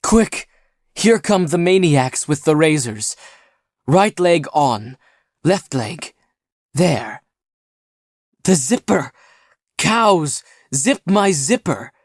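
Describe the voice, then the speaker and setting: A woman reads out a panicky young man with a broken leg, crying out orders in a high, strained voice. He wails and bosses his friends around. The audiobook recording is dry and close. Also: very animated, extremely slow, long pauses, no room sound, full character voice. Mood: frantic. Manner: frantic shouting and wailing. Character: panicky injured young man, dramatic, bossy.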